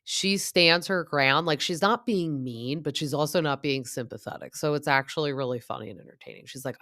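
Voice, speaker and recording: A woman's voice: low-pitched, brisk, hardly any pauses, a bit bright, dry recording, studio quality. A woman in her thirties giving a chatty, gossipy recap of a reality show, full of asides and quoted lines. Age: 30s. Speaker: podcast host.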